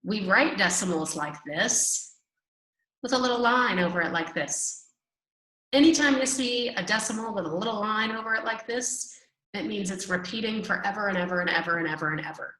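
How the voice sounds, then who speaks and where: A woman teaching a recorded math lesson, slow and reassuring, drawing out repetitions and walking students through the steps. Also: mid-range voice, pushed and bright, roomy sound, low-quality recording.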